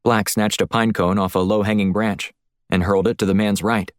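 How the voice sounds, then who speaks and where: A man reading a thriller audiobook in a steady, even storytelling voice, recorded close on a studio mic. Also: lowish voice, fairly quick, dry recording. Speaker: audiobook narrator. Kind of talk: scripted narration.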